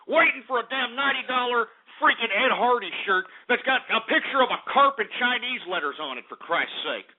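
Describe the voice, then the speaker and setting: A man hosting a radio show, ranting about market prices in a crude, insulting, exasperated way and muttering irritated asides. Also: very high voice. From Texas. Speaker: radio host. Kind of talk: abrasive comedic market rant. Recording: narrow phone-like radio audio.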